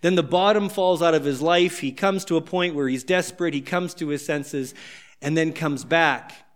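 High-voiced conversational male preacher. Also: moderate pace. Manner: conversational, explanatory, acts out scenes. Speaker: pastor. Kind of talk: sermon.

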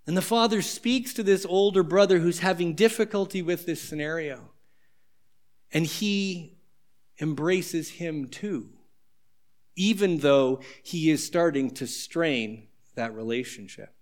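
A man's voice: a little high, lively intonation, measured pace. A man preaching a sermon in a conversational, explanatory way. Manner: conversational, explanatory, acts out scenes. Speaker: pastor.

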